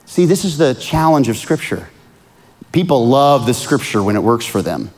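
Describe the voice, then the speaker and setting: A man preaching a sermon, swinging from hushed, earnest lines to loud pleading outbursts. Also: medium pitch, big pitch swings, normal speed. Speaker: pastor.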